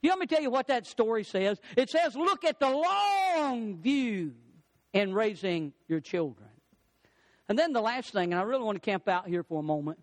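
A middle-aged male pastor preaching a sermon, swinging his pitch and pace for emphasis. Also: expressive, fairly quick, no echo.

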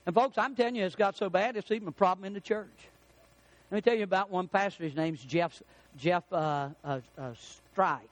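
A man's voice: high-pitched, brisk. A man preaching a sermon, emphatic, drawing out the words he stresses.

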